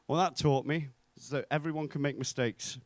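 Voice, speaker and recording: A young man from the North West of England, performing a stand-up comedy set in a club, delivering deadpan punchlines and acting out the voices of people in his stories. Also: on the high side, normal speed, no room sound.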